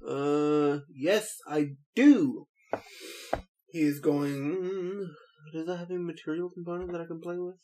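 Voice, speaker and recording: A man playing a tabletop game, playful and quick to laugh and swear. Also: on the high side, fairly even intonation, mellow, poor audio. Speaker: player.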